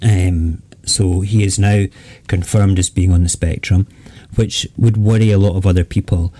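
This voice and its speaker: A man's voice: low voice, steady tone, moderate pace, dark tone, no echo. A Scottish man hosting a late-night live chat stream, rambling and jokey, often trailing off and restarting.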